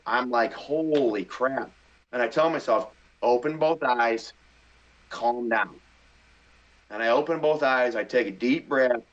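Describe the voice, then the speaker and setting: A middle-aged man from the Midwest telling a story in a casual interview, animated and excitable, acting out his own thoughts. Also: mid-range voice. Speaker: hunting show host, podcast guest. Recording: slightly dull podcast audio.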